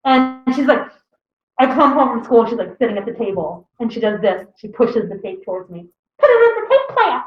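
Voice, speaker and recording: A woman telling stories in a loose, animated way, jumping her voice up when she quotes someone. Her voice sits a bit high, and the sound is roomy and dull, like a lo-fi recording in a bare room. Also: fairly quick. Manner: animated, acts out quotes in a raised voice. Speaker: podcast co-host. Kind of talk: casual storytelling chat.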